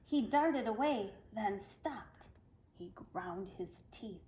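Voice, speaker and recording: A woman reading a folktale aloud to children, expressive and animated. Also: on the high side, slow, low-quality recording. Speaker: children's storyteller.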